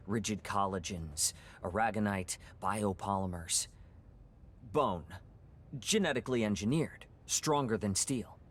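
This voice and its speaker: A technical ruins analyst. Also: male voice, on the low side, slight background noise. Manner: explanatory, technical. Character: man explaining alien ruins, an analyst.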